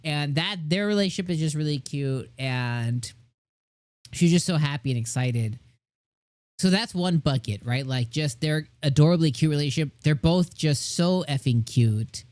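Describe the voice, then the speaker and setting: A man's voice: a little high, animated, moderate pace, a little mellow, no room sound. A middle-aged man casually reviewing an anime episode, gushing and rambling with many fillers.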